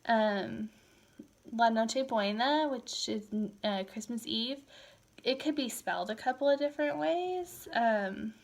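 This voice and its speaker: A tired woman in her thirties teaching a recorded Spanish class, switching between English and Spanish in a relaxed, chatty way. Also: fairly high pitch, slow. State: tired, yawning. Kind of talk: recorded lecture.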